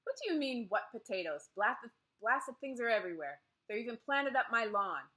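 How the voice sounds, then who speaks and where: A woman's voice: on the high side, expressive, normal speed, pushed and bright, pitched above the performer's own voice. Stiff aristocratic older lady, imperious and exasperated, voiced by a woman narrator.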